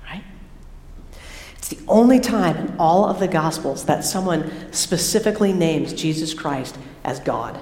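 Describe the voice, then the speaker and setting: A woman's voice: deep voice, measured pace. Woman preaching in an echoing hall. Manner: animated, shifting from hushed to excited. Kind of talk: sermon. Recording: echoey hall reverb.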